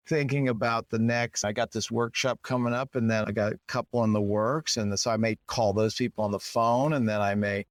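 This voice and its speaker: A man in his sixties, a guest potter in a casual interview, talking in a rambling, animated way and jumping up in pitch when he acts out quotes. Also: fairly quick, hardly any pauses, no room sound. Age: 60s.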